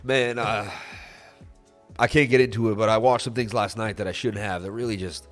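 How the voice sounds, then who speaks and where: A man hosting a crypto trading livestream, talking in an emotional, rambling way, his nose stuffy from crying, then boasting and pitching his trading group. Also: steady tone, fairly quick, soft background music. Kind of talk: emotional, rambling live-stream talk.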